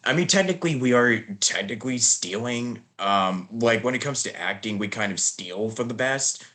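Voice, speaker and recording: A man's voice: medium pitch, lively intonation, moderate pace, bright, forceful tone. Rambling young male podcast host. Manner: rambling, many fillers and restarts. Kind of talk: casual interview chat.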